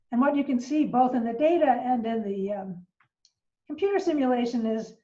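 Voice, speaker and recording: A woman's voice: a little high, warm tone. Older woman explaining science, roomy and distant. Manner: explanatory, patient, with frequent fillers and restarts. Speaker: astronomy professor giving a lecture. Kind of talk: informal online science lecture. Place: living room at home. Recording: roomy, distant, dull home recording.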